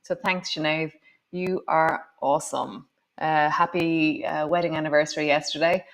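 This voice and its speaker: A woman's voice: low-pitched, steady tone, normal speed, a bit bright. A woman teaching a guided yoga and meditation class, chatty and rambling with many fillers, her voice slightly wobbly. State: voice slightly wobbly from strong scent.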